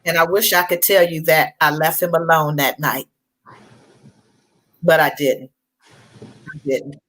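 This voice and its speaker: A woman's voice: low voice, fairly even intonation, unhurried, a bit bright, rough recording. A middle-aged woman recounting a personal story as a panel guest, earnest and conversational. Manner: earnest, conversational, with restarts and colloquial speech.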